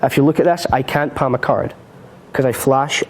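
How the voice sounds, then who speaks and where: Man, magic tutorial on a live stream, chatty, jokes at his own expense, laughs a lot, ordinary middle pitch. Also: moderate pace. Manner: chatty and self-mocking, laughs often. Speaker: magic instructor.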